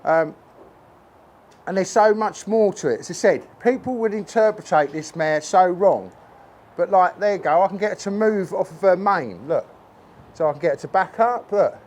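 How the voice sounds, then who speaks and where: Filmed on a tripod-mounted phone at a stable, this horse trainer addresses the camera while working with a horse. His voice is high and darkish, moving at a moderate pace, and he stresses his points earnestly, going over them again and again.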